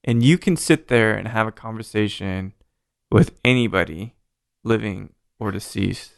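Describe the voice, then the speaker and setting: Man, podcast host, gravelly, dry close sound, casual interview, chatty. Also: on the low side, no echo. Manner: chatty, laid-back, quick reactions.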